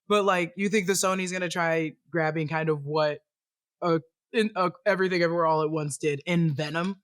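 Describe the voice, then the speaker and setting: Excitable co-host, casual chat, mid pitch, laughs a lot, quick apologetic asides. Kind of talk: casual pop-culture discussion.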